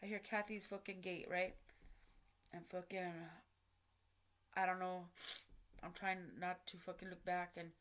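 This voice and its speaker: A woman's voice: lowish voice, level tone, unhurried, pauses often, a bit bright. A woman telling a personal story to camera in casual street slang, swearing often and correcting herself as she goes. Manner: rambling, frequent swearing and slang, many fillers and self-corrections.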